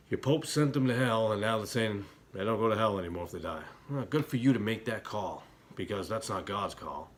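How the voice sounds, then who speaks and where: A middle-aged man talking as an internet preacher, heated and emotional in places, quiet and somber in others. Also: on the low side, lively intonation, a little fast, slight background noise. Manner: heated, talks with rising emotion and repeated apologies; quiet and somber when reflecting. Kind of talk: impassioned religious commentary.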